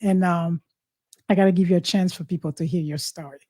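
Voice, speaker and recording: A woman's voice: lowish voice, steady tone, brisk, mellow. A woman host, chatting in an exuberant, teasing, exclamatory way. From Haiti. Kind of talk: casual talk-show chat.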